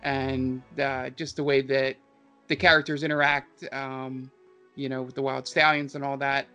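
A man's voice: medium pitch, level tone, unhurried, pushed and bright, smooth, soft background music. A man hosting a casual podcast, running a tabletop game, rambling with many fillers. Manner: rambling, filler-heavy, enthusiastic. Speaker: podcast host and game master.

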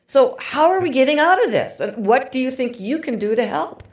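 A woman's voice: sits high, lively intonation, moderate pace, roomy sound. A woman hosting a political podcast interview, talking in a sarcastic, mocking way. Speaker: podcast host. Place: podcast studio.

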